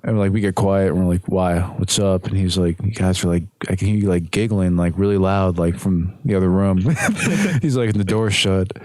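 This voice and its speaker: Young dude guest on a podcast, lowish voice, rambly laughing stories, dry close mic. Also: male voice, normal speed, no echo. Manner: animated, laughing storyteller. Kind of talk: casual storytelling chat.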